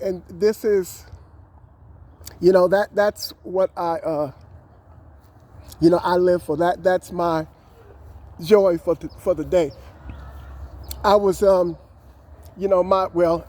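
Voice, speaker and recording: Recorded outdoors, a vlogger with a high, mellow voice chats casually to camera. He rambles in an encouraging way and uses lots of fillers.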